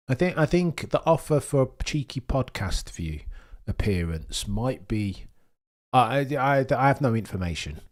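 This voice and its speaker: A man's voice: mid-range voice, expressive, moderate pace. A young British man streaming live, chatting and bantering cheekily with his viewers. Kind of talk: casual live-stream chat.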